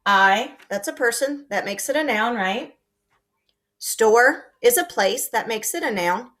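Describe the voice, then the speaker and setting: A woman teacher giving a recorded lesson to young children, speaking slowly and clearly and acting out her example sentences with lots of expression. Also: on the high side, expressive, bright, forceful tone.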